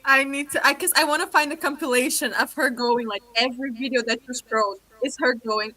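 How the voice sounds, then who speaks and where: A woman's voice: sits high, steady tone, a little fast, bright, forceful tone. A woman co-hosting a casual podcast, teasing the others and laughing often. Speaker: podcast co-host.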